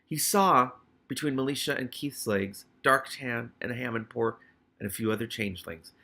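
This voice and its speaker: A man's voice: mid-range voice, normal speed, gravelly, bright, forceful tone. A man reading a novel aloud, breaking off for blurted, emotional reactions. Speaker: reader and commentator.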